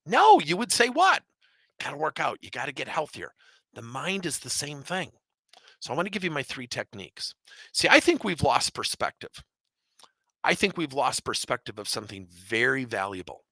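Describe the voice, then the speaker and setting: Animated man coaching with gravelly bursts. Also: moderate pace, no echo. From Wisconsin, US. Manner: animated, jumps high in pitch for emphasis, acts out quotes. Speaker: business coach and speaker. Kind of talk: energetic keynote storytelling.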